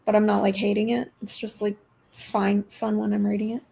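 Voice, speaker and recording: A woman's voice: mid-range voice, flat delivery, a little fast, gravelly, warm tone, husky. A woman chatting casually in a book club, blunt and swearing easily. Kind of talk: casual chat.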